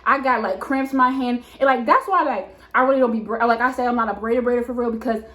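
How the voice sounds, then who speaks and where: A woman in her twenties, a hairstylist, telling a casual storytime vlog in a chatty, animated way with lots of fillers. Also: on the high side, fast talker. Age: 20s. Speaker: hairstylist and vlogger. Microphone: camera mic.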